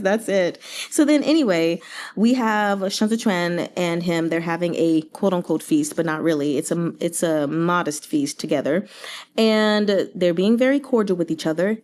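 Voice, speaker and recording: A young woman chatting casually about a novel she is reading along, animated and sarcastic, with jokey voices for the characters. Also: on the low side, unhurried. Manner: animated, sarcastic asides and silly put-on voices. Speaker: book reviewer reading along.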